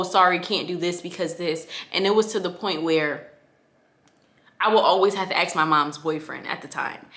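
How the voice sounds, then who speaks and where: Young woman vlogger, lowish bright voice, heartfelt and chatty, echoey room. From Connecticut, USA. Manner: casual, heartfelt, filler-heavy, addresses listeners as y'all. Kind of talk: candid personal storytelling.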